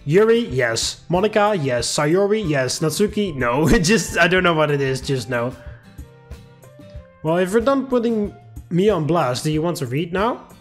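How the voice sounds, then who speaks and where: A man's voice: fairly high pitch, unhurried. Guy playing a visual novel, reads it out and rambles, lots of laughing, voice jumps all over, faint music behind. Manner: animated, laughs often, rambling asides. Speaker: gameplay commentator. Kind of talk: reading a visual novel aloud with commentary.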